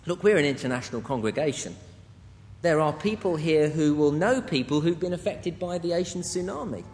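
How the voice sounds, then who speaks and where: A man preaching a sermon to a congregation, earnest and measured, with emphatic pauses. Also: a little high, expressive, a little mellow. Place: church to an international congregation. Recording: long hall reverb.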